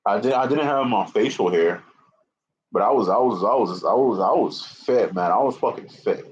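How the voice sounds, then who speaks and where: A livestreamer in his twenties rambles profanely at a normal speed, his voice fairly low in pitch. He repeats himself, restarts often and sounds slightly out of breath, in an indoor room with a fan, captured in muffled lo-fi stream audio.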